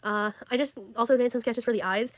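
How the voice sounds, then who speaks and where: Chatty teenage girl, fast talker. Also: a little high, no echo. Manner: chatty, giggly, full of fillers. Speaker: art vlogger. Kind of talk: casual chat.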